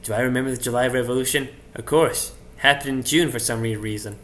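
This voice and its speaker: A man's voice: medium pitch, fast, fairly bright tone, a little hiss or hum. A man casually commenting on a game playthrough, self-mocking and offhand. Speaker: gaming YouTuber. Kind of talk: let's play commentary.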